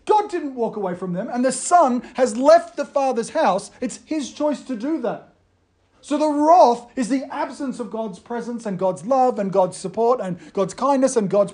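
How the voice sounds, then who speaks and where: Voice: medium pitch, a little mellow. A preacher giving an earnest sermon, explaining scripture and reading quotes aloud.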